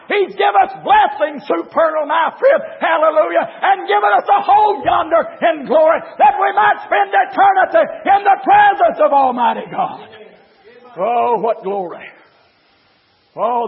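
A man preaching a fiery sermon, shouting in a chanting cadence, with a gravelly voice, recorded in a church. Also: very high voice. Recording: tinny phone-like recording in a reverberant hall.

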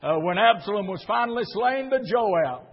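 An older man preaches fervently in a church, his high, husky voice carried by a long reverb. He leans on "uh" fillers and repeats phrases for emphasis, and the recording sounds muffled. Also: animated, normal speed. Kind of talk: revival sermon.

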